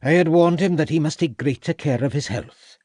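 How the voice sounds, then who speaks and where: A man's voice: a little high, normal speed, a little mellow, no room sound, clean studio sound, voice pushed up, close to an everyday voice. A man voicing a proud older town doctor with a Welsh accent who speaks pompously. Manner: pompous and affronted.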